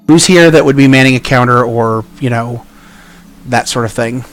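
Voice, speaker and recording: A man playing in a tabletop game, talking in a low-key, laid-back way. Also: normal speed, soft background music. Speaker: player. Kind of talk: casual tabletop game play.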